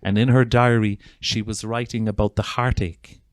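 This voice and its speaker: An Irish gestalt psychotherapist addresses an audience in an informal talk, speaking earnestly and from the heart at a moderate pace. His fairly low voice is flat in delivery, and he often restarts his phrases. The sound is close and dry, with no room echo.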